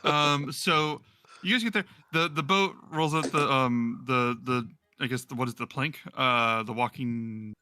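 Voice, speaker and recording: A man narrating as game master of a tabletop game, rambling with many pauses and restarts. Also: mid-range voice, steady tone, sharp tone, a little hiss or hum.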